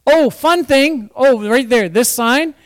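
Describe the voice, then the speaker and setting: A man's voice: very high voice, slow, dry recording. A man giving an informal Bible teaching, reading scripture with chatty, jokey asides. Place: church or fellowship hall.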